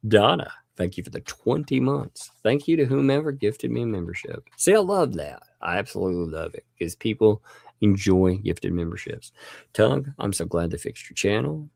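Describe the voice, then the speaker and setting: Male livestream host, low gravelly voice with lively pitch, dry close sound, laughs often. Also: dry recording. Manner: laughing often, drawn-out thank-yous. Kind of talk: casual livestream chat, thanking viewers.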